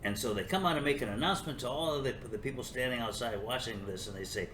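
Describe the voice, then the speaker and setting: A man's voice: mid-range voice, fast, few pauses, fairly bright tone, echoey room, slight background noise. An older man hosting his own show, talking in a sarcastic, rambling monologue that sometimes turns into talking to himself. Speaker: show host. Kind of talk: opinion monologue.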